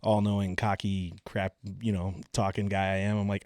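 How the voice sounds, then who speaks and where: A man telling racing stories as a podcast guest, animated and cocky, swearing freely. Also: lowish voice, normal speed. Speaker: guest, race car driver. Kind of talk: casual storytelling.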